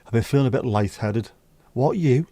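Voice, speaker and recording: A man's voice: mid-range voice, normal speed, dark tone, slight background noise. A man from the United Kingdom hosting a casual livestream chat, talking bluntly and swearing freely. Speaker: livestream host.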